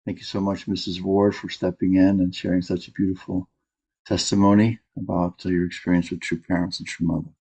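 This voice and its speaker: Low-voiced man reading aloud. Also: level tone, fairly quick, warm tone, slightly rough. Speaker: professor and guest reader.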